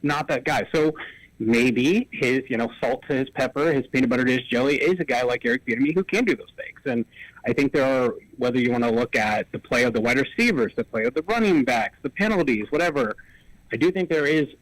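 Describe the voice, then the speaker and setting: Brisk analytical sports radio man. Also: medium pitch, no echo, poor audio. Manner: quick, analytical, piles up examples. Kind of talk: casual sports talk. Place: radio studio.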